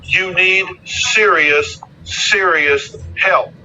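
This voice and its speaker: A man's voice: high voice, very slow, bright, forceful tone, lo-fi sound, faint music behind. A man in a heated argument, insulting and taunting, repeating his jabs.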